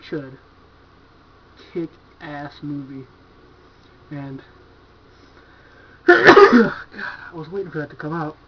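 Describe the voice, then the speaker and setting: Casual, profane man, higher-pitched voice. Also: big pitch swings, takes it slowly, long pauses, a little hiss or hum. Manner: laid-back, profane, enthusiastic, filler-heavy. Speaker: horror movie collector reviewing his purchases. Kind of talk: casual video review. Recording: dull lo-fi home video recording.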